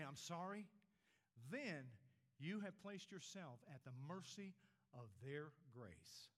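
A man in his sixties preaching a sermon in a church, rising to emphatic points and dropping low and quiet on key words. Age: 60s.

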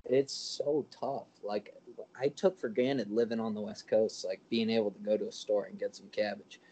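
A man's voice: fairly low pitch, steady tone, normal speed, mellow, a little hiss or hum, low-quality recording. Laid-back joking young man. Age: young adult. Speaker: podcast co-host. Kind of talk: casual chat.

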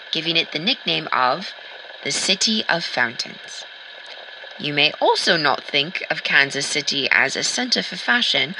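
A woman's voice: low-pitched, pushed and bright, a little hiss or hum, heavily acted, poor audio. A woman playing a chipper 1940s radio host who tours towns and gives fashion advice in a chatty, enthusiastic, slightly theatrical way.

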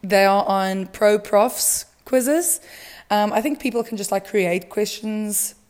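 A woman's voice: medium pitch, slow, a little mellow. A young woman from South Africa hosting a solo podcast, chatting casually with dramatic rants and plenty of filler words. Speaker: podcast host.

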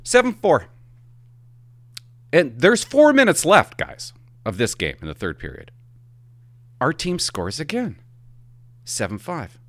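Speaking slowly with frequent pauses, a middle-aged man whose voice sits on the high side recounts an animated, rambling story about being a hockey parent, swearing for emphasis. The casual monologue has no room sound.

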